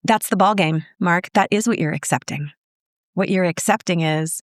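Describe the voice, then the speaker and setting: A woman's voice: lowish voice, moderate pace, dry recording, clean studio sound. A woman therapist speaking earnestly on a podcast, emotional and given to restarts. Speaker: guest therapist. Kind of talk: podcast conversation.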